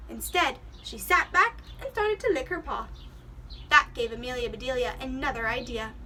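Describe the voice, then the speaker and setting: A woman's voice: high voice, moderate pace, bright, forceful tone, recorded from a distance, a little hiss or hum. A woman teacher reading a children's storybook aloud, giving the characters voices and stopping to explain words to the kids.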